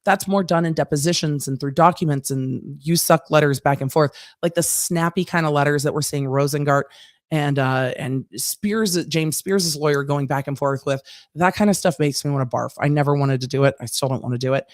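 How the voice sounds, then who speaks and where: An American woman, a former trial lawyer, hosting a live-stream and chatting through viewer comments with quick asides. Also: sits low, dry recording, studio quality. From United States.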